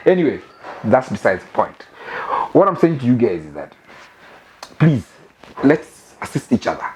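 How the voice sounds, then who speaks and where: A man's voice: medium pitch, sing-song, normal speed, long pauses, a little mellow, slight background noise. A young Kenyan man hosting a comic monologue, mixing English and Swahili slang and laughing often. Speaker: host. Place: living room of a new house.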